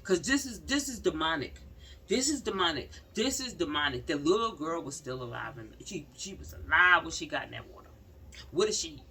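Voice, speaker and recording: Speaking briskly with lively intonation and a sharp tone, this low-voiced woman gives casual news commentary to her viewers. She addresses them directly, hammering her points home and repeating them. Her mic is slightly distant, with faint noise in the background.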